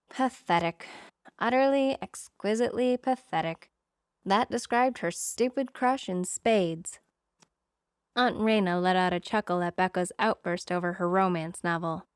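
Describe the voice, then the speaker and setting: A woman reading a romance novel aloud in steady, expressive storybook narration. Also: mid-range voice, dry recording, clean studio sound. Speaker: audiobook narrator.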